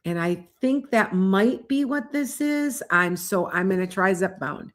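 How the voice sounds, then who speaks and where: A woman's voice: medium pitch, animated, unhurried. Chatty woman nearing sixty. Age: 50s. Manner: chatty, rambling, self-interrupting. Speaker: tarot livestream host. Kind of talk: casual livestream chat. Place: home livestream.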